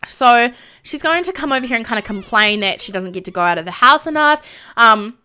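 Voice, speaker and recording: A woman's voice: on the high side, animated, a little fast, pushed and bright, smooth. A young woman streaming a live let's play, chatting emotionally about the game with lots of filler ums.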